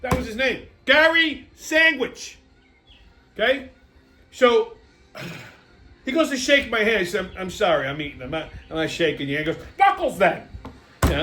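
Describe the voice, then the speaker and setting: Brash, foul-mouthed high-voiced man ranting. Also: fairly bright tone. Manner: brash, crude, exasperated. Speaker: host. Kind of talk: profane comedic rant.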